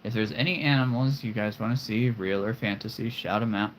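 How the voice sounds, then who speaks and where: Speaking briskly in a lowish voice, a forties-aged man chats about his collection on a live stream, loose and playful, full of chuckles and puns as he rambles. Slight background noise is audible.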